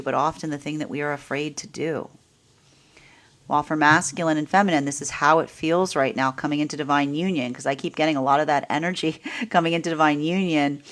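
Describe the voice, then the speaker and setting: Low-voiced woman, tarot reader doing a live reading, rambling and animated, lots of "right?". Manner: laughs often between points.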